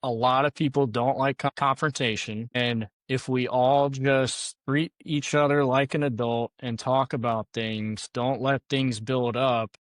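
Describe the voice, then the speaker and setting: A man's voice: medium pitch, steady tone, a little slow, hardly any pauses, no room sound. A middle-aged man hosting a podcast interview, who shares his own reflections between frequent short words of agreement. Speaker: podcast host.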